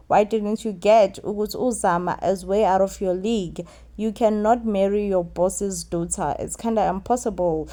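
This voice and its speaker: Animated South African woman recapping. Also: medium pitch, normal speed. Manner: animated, mixes English with Zulu and Xhosa, repeats phrases for emphasis. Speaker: recap host. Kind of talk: casual recap chat.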